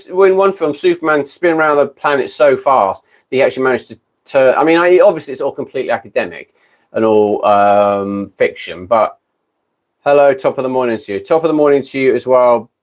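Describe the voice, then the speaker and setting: A British man in his fifties hosting a casual livestream chat, rambling and correcting himself as he goes. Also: mid-range voice. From Britain. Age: 50s. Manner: rambling, self-correcting, gabbling. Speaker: livestream host.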